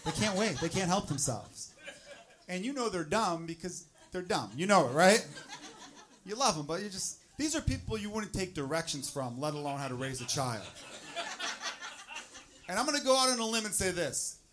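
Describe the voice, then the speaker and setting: A man's voice: high-pitched, sing-song, normal speed, background noise. Exasperated ranting stand-up comic man. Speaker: stand-up comedian. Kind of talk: stand-up comedy set.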